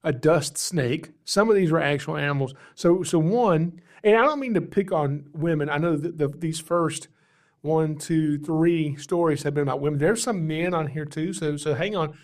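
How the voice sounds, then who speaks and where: A man hosting a podcast, casually telling stories about his calls as a snake catcher, animated and chuckling as he acts out callers. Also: on the high side, normal speed. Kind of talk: casual storytelling.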